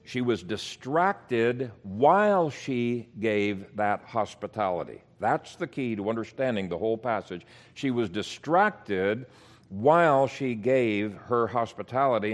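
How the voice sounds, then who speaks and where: A man's voice: fairly low pitch, expressive, a little slow. A man preaching a sermon as pastor, explaining scripture in a teaching manner with emphasis.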